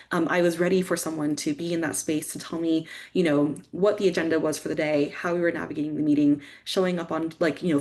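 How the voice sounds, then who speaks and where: Low-voiced woman sharing a reflective story. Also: a little mellow. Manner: reflective, uses "like" and "right?" often. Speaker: co-presenter. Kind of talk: reflective personal example.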